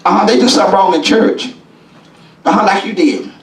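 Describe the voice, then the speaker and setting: A man preaching a sermon as bishop in a church, folksy and call-and-response, rising now and then into shouts. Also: high-pitched, brisk, vocal fry. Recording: echoey church from a distance.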